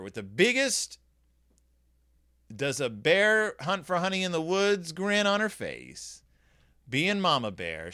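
Animated, jokey man reviewing a storybook. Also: fairly high pitch, no room sound, clean studio sound. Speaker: YouTube book reviewer. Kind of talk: casual book review.

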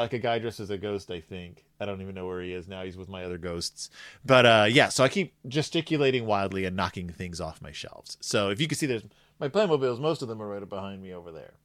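A man casually recapping a cartoon episode, sarcastic and animated, acting out the characters in quick asides. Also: medium pitch, no echo, clean studio sound. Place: home room with shelves of toys.

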